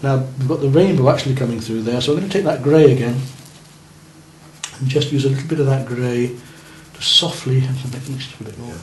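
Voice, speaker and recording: A man's voice: mid-range voice, fairly quick. A man teaching a beginners' painting lesson, guiding and encouraging students in a classroom as he works. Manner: coaching and encouraging, checking on students' work. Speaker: art teacher. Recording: roomy room with faint noise.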